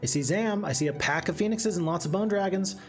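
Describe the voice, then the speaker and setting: A man with a somewhat high voice gives animated, casual commentary on his game, thinking out loud and answering chat as he plays. Soft game music sits quietly behind him. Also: fast talker. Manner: chatty, animated, reads chat aloud. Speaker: gaming streamer. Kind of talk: casual let's-play commentary.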